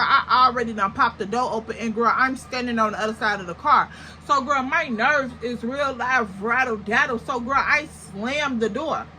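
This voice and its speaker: A young woman tells a storytime to camera. Her voice is bright and sits a little high. She talks in a slangy, animated way, piling up exaggerated comparisons, over a faint background hiss. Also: poor audio. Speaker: storytime vlogger.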